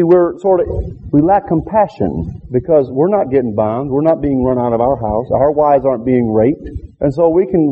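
A middle-aged man preaches a sermon in a folksy manner, medium-pitched and heard through narrow, tinny audio with slight background noise. He calls out "Huh?" to his congregation and acts out characters in quoted asides.

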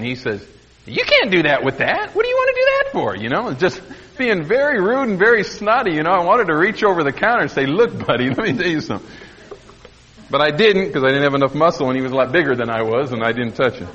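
A middle-aged man preaching a sermon in a folksy, earnest way, laughing softly at his own asides. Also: high-pitched, husky. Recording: muffled echoey church recording.

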